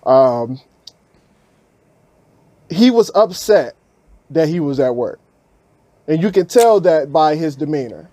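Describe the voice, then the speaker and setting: Man, podcast host, casual storytelling, slangy, animated, high-ish voice, dry recording. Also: slow, pauses often, no echo. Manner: animated, acts out quotes in raised voices, slangy.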